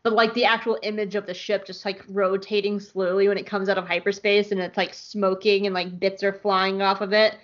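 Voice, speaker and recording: A woman's voice: medium pitch, little pitch movement, a little fast, few pauses, lo-fi sound. A woman co-hosting a podcast, recapping an episode in casual, enthusiastic chat with plenty of "like" fillers. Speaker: podcast co-host.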